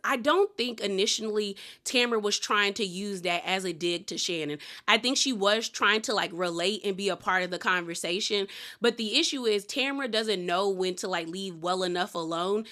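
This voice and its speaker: Bright-voiced chatty woman recapping reality TV. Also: mid-range voice. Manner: chatty, opinionated, retells scenes with quoted lines. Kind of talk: casual recap commentary.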